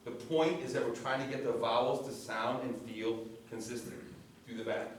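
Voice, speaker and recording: A man's voice: medium pitch, fairly even intonation, a little hiss or hum. A man coaching a choir, explaining vowel shapes and breathing and singing short examples to demonstrate. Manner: demonstrates vowels by singing, gives quick cues. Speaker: vocal coach. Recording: echoey rehearsal hall from a distance.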